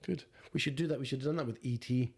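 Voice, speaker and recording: A man's voice: mid-range voice, quick pace, creaky, darkish tone, breathy edge. A man co-hosting a casual film podcast, teasing and prodding his friend as they talk. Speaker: podcast co-host. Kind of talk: casual chat.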